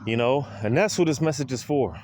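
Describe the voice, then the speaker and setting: A man's voice: medium pitch, a little fast, a little mellow, a little hiss or hum. A man preaching an informal monologue, weary and full of grievance, leaning on "man" and "you know" again and again. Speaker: street preacher.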